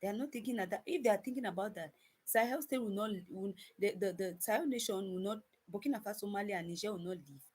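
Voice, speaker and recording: Woman, husky voice, emphatic casual commentary, repeats herself, talks to viewers. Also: mid-range voice, fast, darkish tone. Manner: emphatic, repeats phrases, addresses viewers as guys; frequent restarts and stumbles.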